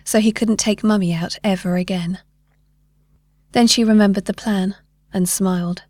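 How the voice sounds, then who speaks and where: A woman narrating a fantasy short story in a measured, gentle reading voice. Her voice sits mid-range and sounds close and dry. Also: medium pitch, no echo.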